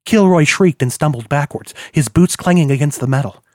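A man reading an audiobook in a measured, descriptive manner. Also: fairly high pitch, dry recording, clean studio sound. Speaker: audiobook narrator. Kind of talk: scripted narration.

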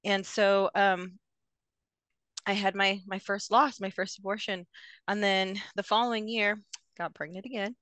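A woman's voice: medium pitch, fairly even intonation, unhurried, a bit bright, no room sound. Young woman guest on a podcast, hesitant, lots of ums, dry close mic. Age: young adult. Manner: hesitant, many fillers and restarts. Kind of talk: personal story in an interview.

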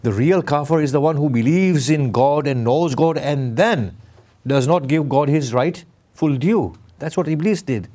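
A middle-aged man preaching a conversational sermon, putting questions to his listeners and slowing down to stress key words. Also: fairly high pitch, mellow. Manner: questions the audience, emphatic with sudden slow stresses. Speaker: Islamic preacher.

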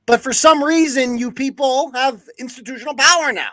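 A man's voice: very high-pitched, animated, normal speed, few pauses, sharp tone, no echo. A man hosting a live news-commentary podcast, ranting with heavy profanity and sarcasm. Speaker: podcast host.

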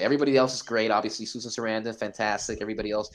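Excitable man with a low voice. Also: rapid-fire, rough recording. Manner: excited, swearing, acts out his own reactions. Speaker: podcast guest. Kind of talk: casual podcast chat.

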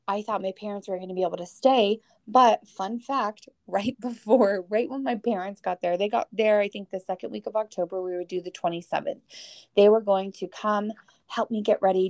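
Gravelly-voiced woman telling a personal story. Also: medium pitch, a little mellow, dry recording. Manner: candid, emotional, swears casually. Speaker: podcast guest. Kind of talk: casual storytelling chat.

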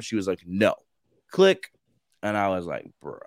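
A man co-hosting a podcast, telling stories in casual chat and acting out the other people's voices in a lively way. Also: lowish voice, moderate pace, dry recording, clean studio sound. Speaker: podcast co-host.

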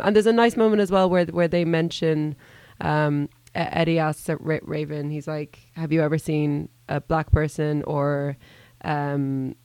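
A woman in a casual podcast chat, retelling a TV episode with lively acted-out quotes. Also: sits low, no echo. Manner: animated storytelling, acting out quotes.

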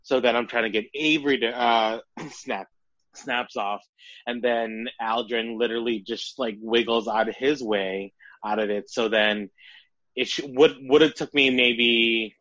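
A man in his thirties, co-hosting a casual podcast and telling animated stories about his kids in quick bursts. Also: mid-range voice, no echo, highs cut off. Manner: animated storyteller, quick bursts, laughs often. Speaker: podcast co-host. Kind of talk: casual chat.

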